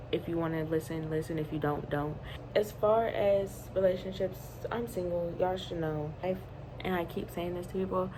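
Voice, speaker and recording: A woman's voice: lowish voice, background noise. A nineteen-year-old woman and new mother, chatting casually and candidly on her vlog in rambling, slangy talk at home. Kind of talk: casual chat.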